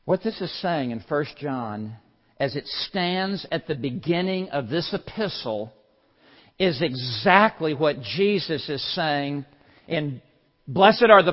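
Slow, booming preacher in a hall. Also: male voice, animated. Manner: swings from low and hushed to loud, forceful exclamations; slow, deliberate emphasis on single words. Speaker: pastor. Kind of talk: sermon. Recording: muffled sermon recording in a large reverberant hall.

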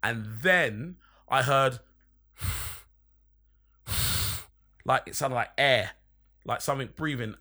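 Lad telling a long sweary story, bright voice, mid pitch. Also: male voice. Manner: rambling, sweary, emphatic. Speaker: podcast storyteller. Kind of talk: casual anecdote telling.

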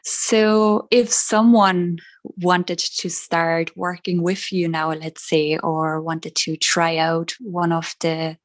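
Slow, flat-voiced woman interviewer. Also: fairly low pitch. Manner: slow, searching for words. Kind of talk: casual interview.

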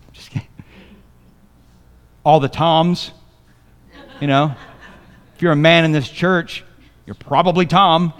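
A man's voice: a little high, fairly even intonation, slow pace, long pauses, clean tone, big-room sound. A man preaching a sermon as pastor, reading scripture and joking with the congregation in a loose, conversational way. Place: church sanctuary.

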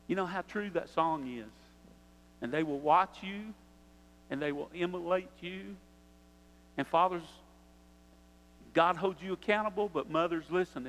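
A pastor preaching a sermon, talking earnestly and conversationally and putting direct questions to the congregation. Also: male voice, a little high, a little slow, long pauses, fairly bright tone, in a large hall, low-quality recording.

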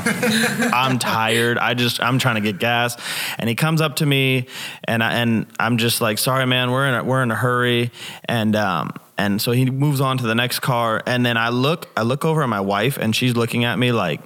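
Young guy telling a faith story, lots of um and like, keeps restarting, average pitch. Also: moderate pace. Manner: animated storyteller, many fillers and restarts. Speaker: church member sharing a testimony. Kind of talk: casual faith discussion.

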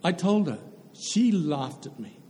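A man's voice: on the high side, expressive, a little slow, dark tone, a little hiss or hum. An older man telling a personal testimony as a preacher, earnest and storytelling, often repeating phrases for emphasis. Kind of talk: testimony sermon. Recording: hall reverb.

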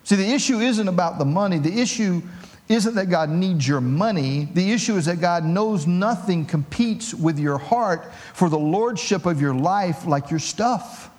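Middle-aged male pastor, a touch high-pitched, animated sermon storyteller with a joking streak. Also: measured pace. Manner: animated storytelling with self-mocking humor.

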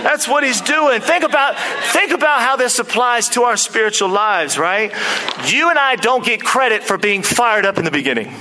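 A man preaching a sermon to his church, lively and animated, acting out quotes and movie scenes. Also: very high voice, normal speed, poor audio. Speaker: pastor.

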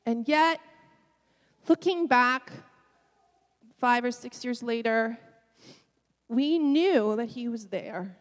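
A middle-aged woman pastor preaching a sermon, telling a personal story with emotion and soft laughs. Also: a little high, animated, takes it slowly, long pauses, big-room sound.

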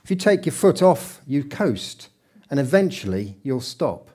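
A man preaches in church, his tone chatty and warm toward the people in front of him. He stops often to put questions to the congregation. His voice carries through a microphone. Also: mid-range voice, sing-song, a little slow. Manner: conversational, asks the congregation questions. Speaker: pastor. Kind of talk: church sermon. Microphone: handheld microphone.

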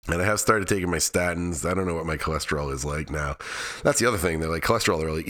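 A man's voice: low voice, racing, fairly bright tone. A middle-aged man hosting his own podcast, giving a candid, rambling weekly update full of restarts and wry asides. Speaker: podcast host. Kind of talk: casual solo update.

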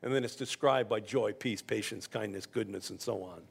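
A man's voice: lowish voice, normal speed, vocal fry, husky. A man preaching a sermon, teaching from scripture in a conversational way with personal stories and some stumbling restarts. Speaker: pastor.

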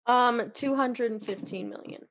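A woman's voice: on the high side, normal speed, slight background noise. A woman chatting casually and wryly with friends. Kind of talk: casual group chat.

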